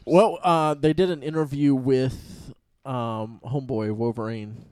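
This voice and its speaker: A man's voice: medium pitch, steady tone, measured pace, darkish tone, clean tone, dry recording. A man co-hosting a casual group podcast, hesitant and full of ums. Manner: hesitant, lots of ums and restarts. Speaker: podcast co-host.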